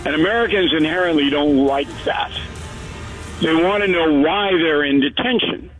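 Man, talk radio commentary, emphatic, listing points, slightly high voice, faint music. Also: moderate pace, poor audio. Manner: emphatic, lays out points in lists.

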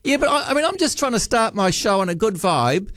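A man's voice: high-pitched, very animated, a little fast, fairly bright tone, no room sound, clean studio sound. A middle-aged man with a New Zealand accent hosting radio talkback, teasing a caller and talking over him. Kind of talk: casual talkback chat.

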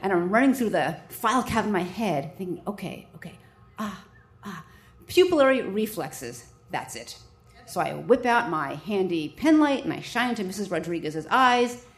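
A woman doctor telling a personal story on stage, lively, with wry comic timing. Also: medium pitch, normal speed.

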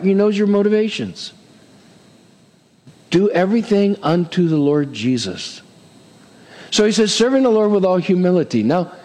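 A middle-aged man preaching a sermon as pastor, emphatic and lively, with touches of humor. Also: on the high side, in a large hall.

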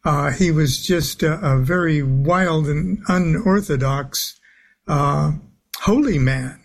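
Slow, husky-voiced male guest on talk radio, halting delivery. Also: fairly high pitch. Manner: halting, many filler sounds, soft chuckles. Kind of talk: phone-in talk radio interview.

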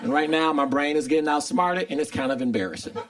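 A man's voice: on the high side, lively intonation, fast talker. A man performing a stand-up comedy routine, talking to the crowd and acting out little dialogues. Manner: conversational, acts out dialogue.

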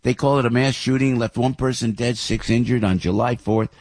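A man's voice: mid-range voice, steady tone, a little fast, a little mellow, dry recording, studio quality. An older man hosting talk radio, rambling through news headlines with opinions, many fillers and restarts. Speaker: radio show host.

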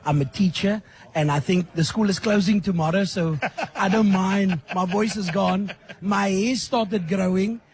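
A hoarse man with a lost voice, a studio guest speaking enthusiastically on radio. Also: high voice, steady tone, unhurried. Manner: enthusiastic, emphatic. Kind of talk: radio interview.

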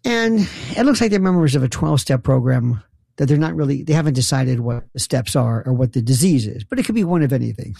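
Gravelly, mellow-voiced man telling sarcastic stories. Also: medium pitch, dry recording, clean studio sound. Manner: sarcastic, incredulous, rambling with restarts. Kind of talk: comedic monologue storytelling.

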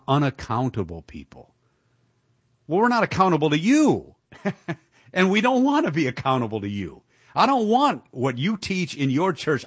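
A man's voice: mid-range voice, slightly rough, no echo, studio quality. A man hosting a political talk radio show, speaking in an indignant, emphatic way with occasional chuckles.

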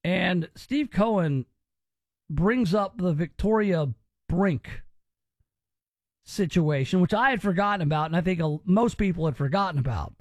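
Sarcastic higher-voiced male commentator. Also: expressive, unhurried, no room sound, clean studio sound. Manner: sarcastic, mocking. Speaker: political commentary host. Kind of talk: opinionated commentary.

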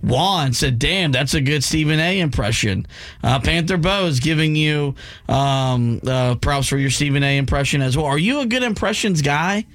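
A man's voice: a little high, lively intonation, moderate pace, fairly bright tone, no echo. A man hosting a sports radio show, steadily reading listener texts aloud.

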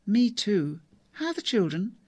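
A woman's voice: mid-range voice, big pitch swings, measured pace, mellow, breathy edge, dry recording, pitched above the performer's own voice. A narrator voicing a harried woman who looks after her difficult father, her voice rising as she loses patience. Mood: relieved. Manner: exasperated, raised voice.

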